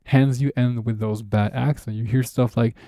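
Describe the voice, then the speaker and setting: A man's voice: mid-range voice, steady tone, normal speed, mellow, dry recording. A man teaching beginners in a patient way, repeating his points and exaggerating sounds to show them. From Spanish-speaking background. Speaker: language teacher. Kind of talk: explaining a lesson to beginners.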